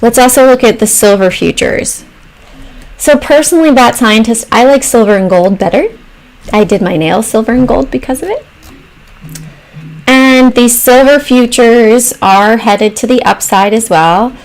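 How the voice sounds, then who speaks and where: A woman's voice: fairly high pitch, rough recording. A woman hosting a stock trading livestream, walking through charts and answering viewers' chat messages as she thinks aloud. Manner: thinks aloud with pauses and trailing phrases. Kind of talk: casual livestream commentary.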